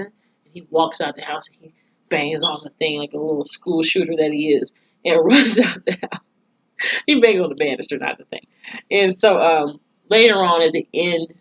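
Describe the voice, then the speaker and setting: A woman's voice: low-pitched, a bit bright. A woman recapping a TV episode in a blunt, profane, casual way. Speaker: TV episode reviewer. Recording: dull lo-fi recording.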